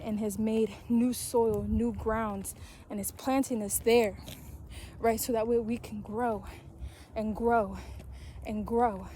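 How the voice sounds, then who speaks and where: Fervent woman preaching with a mellow voice. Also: medium pitch, a little hiss or hum. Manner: repetitive, exhorting, speaks in tongues. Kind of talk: spontaneous prophetic sermon video.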